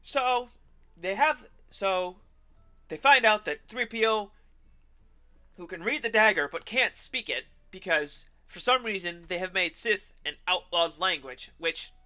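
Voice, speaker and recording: A streamer man with a high voice and a piercing, very bright tone. He rants sarcastically and with animation while playing a game, swearing freely. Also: animated, a little slow. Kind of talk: ranting commentary while gaming.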